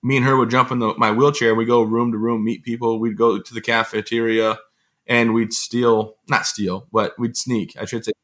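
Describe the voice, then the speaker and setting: A man telling stories as an interview guest, in an animated, rambling conversational way. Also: medium pitch. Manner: fast, animated storytelling with rambling asides. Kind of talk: conversational storytelling.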